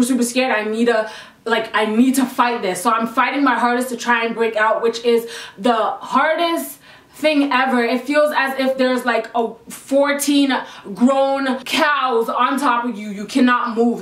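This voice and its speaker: Young woman vlogger from Canada, higher voice, excitable and breathless storytelling, recorded slightly off-mic in an echoey room. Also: recorded from a distance. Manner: animated, breathless retelling of a frightening experience. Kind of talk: casual storytelling to camera. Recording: roomy sound, voice a little off-mic.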